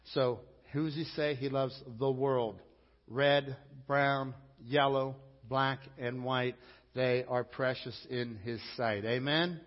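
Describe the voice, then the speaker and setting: A male pastor giving a sermon, emphatic, rising to loud appeals to the congregation. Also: mid-range voice, measured pace. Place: church sanctuary. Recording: dull audio with long church reverb.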